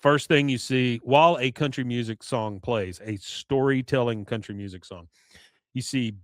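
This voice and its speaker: A man hosting a podcast, casually recapping an episode, rambling with fillers, coughs and a tiring, hoarse voice. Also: mid-range voice, normal speed, no echo, studio quality. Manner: rambling retelling with many "uh"s, coughs and throat clearing. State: voice going hoarse. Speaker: podcast host.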